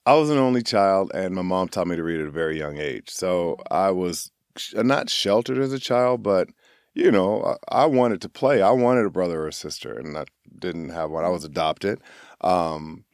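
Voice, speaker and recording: A gravelly man from Chicago in middle age tells his life story on a podcast, candid and lively. He jumps into other people's voices as he talks. The sound is dry and close. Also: normal speed, dry recording. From Chicago, USA. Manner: animated storyteller, acts out voices with big pitch jumps. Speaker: voice actor guest.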